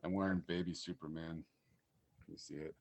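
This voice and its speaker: A man's voice: low-pitched, moderate pace, no echo. A man co-hosting a podcast, telling casual stories with lots of fillers and laughing often. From Utah. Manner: animated storyteller, laughs often, many fillers. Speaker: podcast co-host. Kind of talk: casual chat, storytelling.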